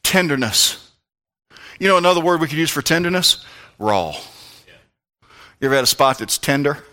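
A man preaching a sermon as pastor, fervent, swinging between shouts and hushed tones. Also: a little high, lively intonation, moderate pace.

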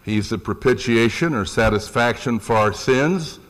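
A middle-aged man preaching a sermon, animated, rising in pitch for emphasis and asking the congregation questions. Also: normal speed.

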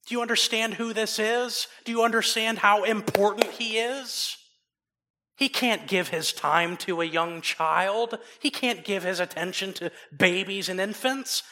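A man preaching a sermon, swinging from loud emphasis down to low, soft asides. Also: a little slow. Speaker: pastor.

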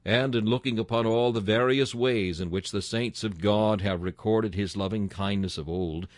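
A man's voice: fairly low pitch, dry recording. A man delivering a solemn sermon, with stately, old-fashioned biblical diction and a string of rhetorical questions. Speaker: preacher. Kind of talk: sermon reading.

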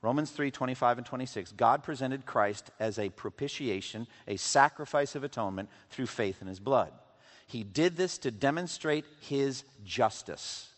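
A man preaching a sermon, swinging from loud, intense passages to hushed, quiet lows. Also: lively intonation, normal speed. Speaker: pastor. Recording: long hall reverb.

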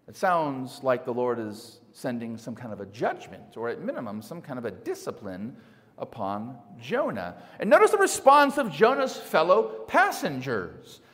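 Male pastor, sermon, animated rhetorical questions, lively swooping pitch, long hall reverb.

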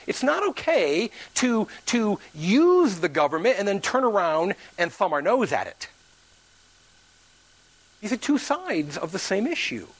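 A man preaching a sermon to his church, telling a story and acting out the people in it. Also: a little slow. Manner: animated preaching, acts out quoted voices with big pitch swings. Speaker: pastor.

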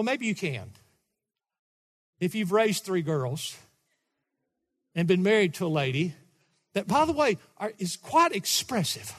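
A middle-aged man delivers a sermon from the pulpit, his high voice swinging between calm explanation and sudden loud, animated bursts. The long reverb of the church hall trails behind each phrase. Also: husky. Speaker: pastor. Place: church sanctuary.

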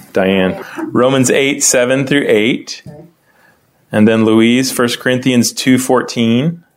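A man runs a casual Bible study with easy conversational talk, calling on members of the group by name to read. His voice keeps lifting higher as he warms to an explanation. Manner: lively, often rising in pitch when explaining. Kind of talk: casual classroom teaching.

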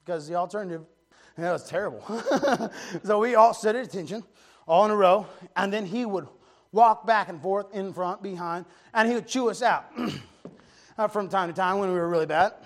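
Fiery male preacher, high rough voice, repeats refrains and shouts them out. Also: moderate pace. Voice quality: gravelly, high-pitched voice. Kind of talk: shouted revival sermon.

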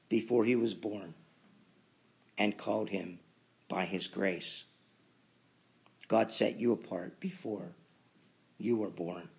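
Male pastor, sermon, slow delivery, husky voice, emphatic swells to quiet asides. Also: lowish voice. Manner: preaching with rising emphatic peaks and quiet asides.

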